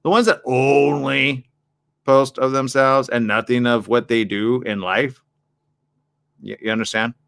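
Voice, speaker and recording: A male talk show host giving casual relationship advice in a monologue, animated and acting out both sides of arguments, talking straight to the ladies. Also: mid-range voice, measured pace, dry recording. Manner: addresses the ladies in the audience directly.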